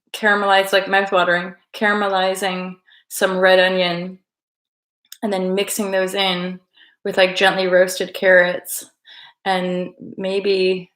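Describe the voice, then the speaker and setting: Bright, playful woman livestreaming. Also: medium pitch, echoey room. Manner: rambling, playful, affectionate. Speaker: livestream host. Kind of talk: casual live-stream chat with viewers.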